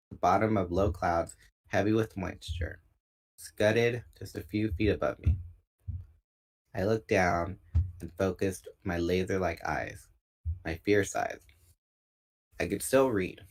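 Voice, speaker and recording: A man with a notably deep voice reads a novel aloud. His delivery is relaxed and informal, and he sometimes stops to correct a slip before carrying on. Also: creaky. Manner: relaxed, unpolished reading with small self-corrections. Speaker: book reader.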